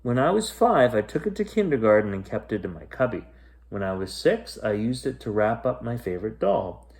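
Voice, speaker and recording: A man voicing a kind, gentle mother in a read-aloud storybook. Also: medium pitch, very animated, a little fast, vocal fry. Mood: tender. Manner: soothing, reminiscing.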